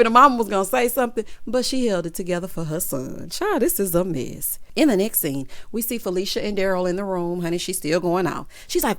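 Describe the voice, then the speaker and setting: A sassy woman with a Southern accent, talking over a reality show with lively asides. Her voice sits in a middle range and sounds dry and close, with no room echo behind it. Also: medium pitch. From American South. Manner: sassy, expressive, quick to react with laughter and asides. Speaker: show recap host. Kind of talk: casual reality TV recap.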